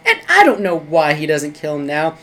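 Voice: medium pitch, sing-song, normal speed, fairly bright tone. A speaker casually retelling a movie plot in a rambling, filler-heavy way, often laughing. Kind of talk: casual movie recap chat.

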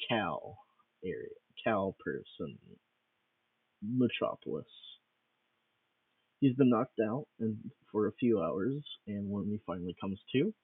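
A man's voice: fairly low pitch, husky, dry recording, recorded from a distance. Rambling man on a tinny line. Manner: rambling, with restarts and fillers. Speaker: storyteller. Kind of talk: improvised comic storytelling. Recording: tinny phone-like recording, dry.

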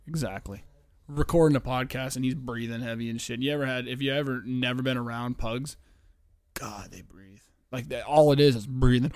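A man's voice: medium pitch, normal speed, a little mellow, dry recording. Give me a man chatting loosely on his podcast, full of fillers and swearing, recorded dry. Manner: rambling, profane, many fillers and restarts. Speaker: podcast host. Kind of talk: casual solo podcast chat.

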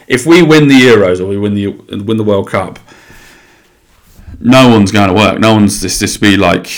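Young English guy hosting his own podcast, lowish voice, chatty and blunt, swears, lots of restarts. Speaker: solo podcast host. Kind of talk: casual rambling monologue.

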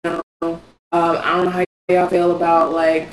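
A young woman co-hosting a podcast in casual chat, frank and expressive, swearing freely. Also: lowish voice, normal speed. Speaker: podcast co-host. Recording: echoey room, faint background noise.

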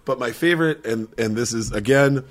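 A man's voice: medium pitch, a little fast. Guy spinning a crazy nightclub yarn, swearing a lot, laughs as he goes. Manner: animated, profane, laughing often. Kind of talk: casual storytelling chat.

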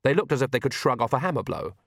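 A male audiobook narrator reading in a measured, wry storytelling way. His voice sits in a middle register and carries no room sound, close and dry. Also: medium pitch, lively intonation, a bit bright, dry recording. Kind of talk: scripted narration.

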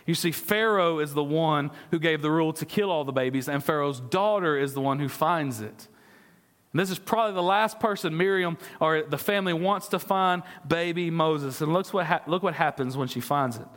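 A man preaching a sermon in a somewhat high voice, earnest and direct. He keeps asking his listeners questions and trips over repeated words now and then. His voice carries a long echo through a church hall. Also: moderate pace, fairly bright tone. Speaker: discipleship pastor. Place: church sanctuary.

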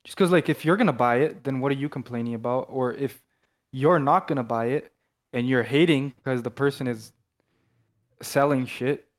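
Young man, podcast co-host, animated, swearing, filler-heavy chat. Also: medium pitch, normal speed. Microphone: headphones, off his usual mic.

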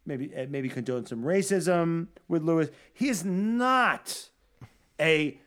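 Male podcast co-host with a higher voice, animated and profane in his rants. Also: slow. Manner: animated, swearing, mocking impressions. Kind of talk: casual chat.

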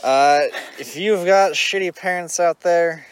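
A man's voice: a little high, measured pace, smooth. A young man co-hosting a podcast in casual chat, rambling with lots of fillers. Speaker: podcast co-host.

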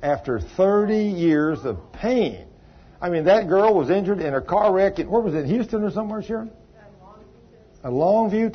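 A man's voice: sits high, dull audio. A man preaching a sermon, folksy and emphatic, telling a story with sudden exclamations.

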